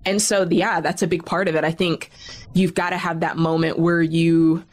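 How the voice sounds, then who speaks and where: A woman's voice: fairly low pitch, flat delivery, normal speed. Emphatic woman telling her story. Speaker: guest. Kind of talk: storytelling in interview.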